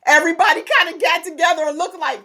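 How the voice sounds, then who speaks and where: Woman host, high voice, animated storyteller, casual chat. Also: fast talker. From Youngstown, Ohio. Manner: animated storytelling, acting out voices, laughing often. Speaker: podcast host.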